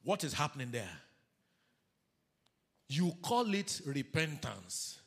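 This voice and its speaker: A man preaching a sermon as pastor, animated, calling the congregation to read scripture aloud with him. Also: a little high, takes it slowly, husky.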